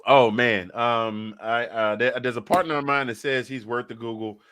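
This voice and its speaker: A man appearing as a guest on a sports podcast, telling animated stories and mimicking other people's voices in casual chat. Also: medium pitch, normal speed, clean tone.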